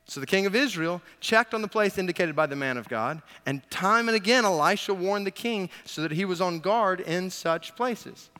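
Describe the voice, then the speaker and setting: A man preaching a sermon, retelling a Bible story in an animated way with quips to the congregation. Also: high voice, normal speed, hardly any pauses, smooth, long reverb tail. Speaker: pastor.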